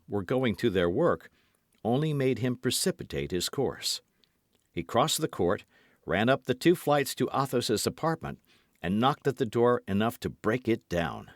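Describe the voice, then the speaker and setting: A male narrator reading a classic novel aloud with a lively, swinging delivery. His voice sits in a middle register, dry and close. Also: medium pitch, no echo. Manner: expressive storytelling. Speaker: audiobook narrator. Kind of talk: scripted narration.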